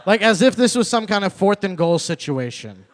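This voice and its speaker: Young man doing stand-up, high voice. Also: sing-song, moderate pace. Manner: repeats punchlines, rising to loud indignant rants. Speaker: stand-up comedian. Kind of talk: stand-up comedy set. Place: open mic comedy night venue.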